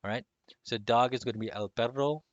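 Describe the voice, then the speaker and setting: A man teaching a relaxed online lesson, speaking loosely with lots of fillers and chuckles. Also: medium pitch, fairly quick, no room sound, muffled recording. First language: not Spanish. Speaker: language teacher.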